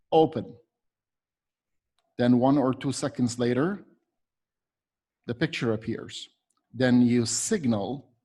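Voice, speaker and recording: A man's voice: medium pitch, dark tone, breathy edge. A man training teachers, patiently explaining a classroom method step by step and demonstrating words aloud.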